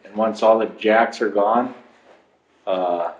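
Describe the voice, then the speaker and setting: A man's voice: lowish voice, steady tone, slow pace. A man explaining a drinking game in laid-back, hesitant casual chat. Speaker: podcast guest. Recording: roomy, dull lo-fi sound.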